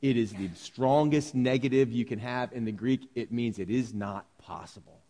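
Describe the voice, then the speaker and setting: A man preaching a sermon, moving between lively storytelling and calm Bible teaching to a congregation. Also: medium pitch, moderate pace. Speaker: pastor. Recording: long hall reverb.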